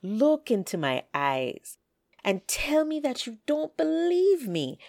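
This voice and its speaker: Sly male coyote played by a woman, coaxing, excitable, high-pitched, swooping tones, storybook telling. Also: takes it slowly, gravelly, no room sound, clean studio sound, heavily acted. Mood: wheedling. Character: sly, smooth-talking male trickster coyote.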